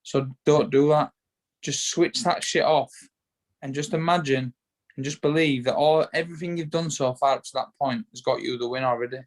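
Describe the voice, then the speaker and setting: In a casual interview, a male guest who boxes bare-knuckle speaks with a Yorkshire accent, a steady tone, medium pitch and a moderate pace. He keeps repeating himself and starting over as he rambles.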